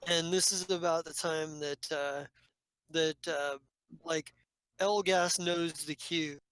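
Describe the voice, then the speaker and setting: A woman's voice: deep voice, fairly even intonation, slow pace, clear, resonant tone, no room sound, poor audio. A woman narrating as game master of a tabletop role-playing game, rambling with many fillers and restarts.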